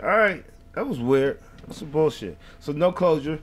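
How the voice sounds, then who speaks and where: A man's voice: fairly high pitch, animated, moderate pace. A man hosting a reaction video, ranting in heated, profane, rambling casual commentary.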